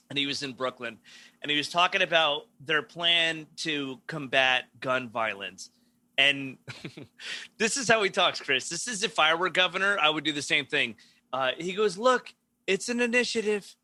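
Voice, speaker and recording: A New York man hosts a casual comedy podcast, laughing often and slipping into impressions. His voice is bright and sharp and sits a touch high. The recording is close and dry. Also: dry recording.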